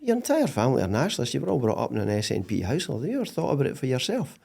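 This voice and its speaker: A man voicing his skeptical wife with a Scottish accent, raising his voice high to retell her teasing. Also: wildly swooping pitch, rapid-fire, creaky, mellow, exaggerated voice. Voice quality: mock high pitched retelling.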